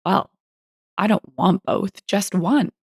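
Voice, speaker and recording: A woman's voice: mid-range voice, slow pace, creaky, husky, dry recording, clean studio sound, heavily acted. A woman doing a baffled, stingy male customer. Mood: confused. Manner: baffled, insistent questioning. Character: dim, penny-pinching adult male customer.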